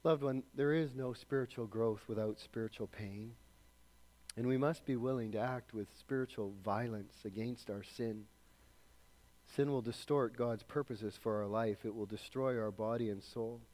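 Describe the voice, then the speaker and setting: A man preaching a sermon earnestly, often dropping soft at the ends of phrases. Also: mid-range voice, fairly even intonation, normal speed. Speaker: pastor.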